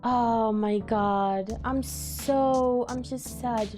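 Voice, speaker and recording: A woman's voice: a little high, steady tone, very slow, darkish tone, faint music behind. A woman hosting an anime reaction video, talking to herself casually with frequent emotional exclamations. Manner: emotional, exclaiming, thinks aloud.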